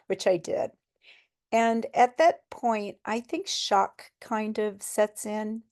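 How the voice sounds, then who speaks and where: A woman's voice: medium pitch, darkish tone. A middle-aged woman telling her own cancer story in a candid, conversational way, with small laughs along the way. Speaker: cancer survivor speaker. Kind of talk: personal storytelling talk.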